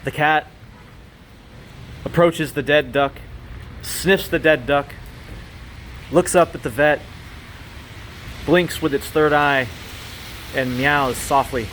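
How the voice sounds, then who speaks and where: A man tells a joke in a loose, rambling way, stopping often on fillers and small restarts. His voice sits a little high, and he is outdoors by a grocery store. Faint cars pass in the background. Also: takes it slowly, long pauses, a little hiss or hum. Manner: relaxed, rambling, filler-heavy. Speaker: joke teller. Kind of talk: casual joke telling.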